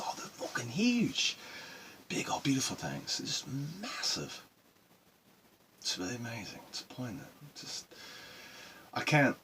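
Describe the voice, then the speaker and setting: An actor playing a rough-talking male sailor who recounts his solo voyage in a rambling, emotional monologue. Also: fairly low pitch, fairly bright tone, slight background noise. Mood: awed. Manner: profane, rambling and emotional storytelling. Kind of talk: dramatic monologue.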